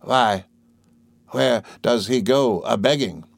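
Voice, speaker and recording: A man voicing a pompous, angry older male headmaster who talks slowly and blusters. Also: mid-range voice, vocal fry, no room sound. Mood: blustering.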